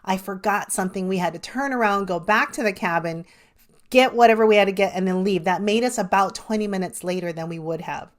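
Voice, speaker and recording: A middle-aged woman life coach speaks as a podcast guest. Her voice is mid-pitched and she tells stories earnestly, often breaking into laughter. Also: fairly quick. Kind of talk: podcast interview.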